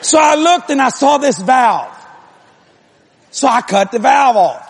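A male preacher telling a comic story in his sermon, animated and acting out every voice, with an audience behind him. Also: very high voice, normal speed, husky. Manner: animated, acts out every voice, hollers.

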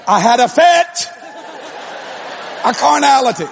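A male preacher telling a comic story in his sermon, animated and acting out every voice, with an audience behind him. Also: very high voice, moderate pace, a faint crowd, a little hiss or hum. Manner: animated, acts out every voice, hollers.

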